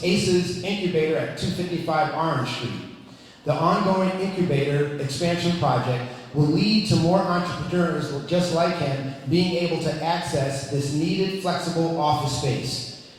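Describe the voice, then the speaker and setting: A man's voice: on the high side, a little hiss or hum. A man emceeing a live event, introducing speakers in a chatty, loose way. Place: large event hall. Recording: echoey hall, mic from far off.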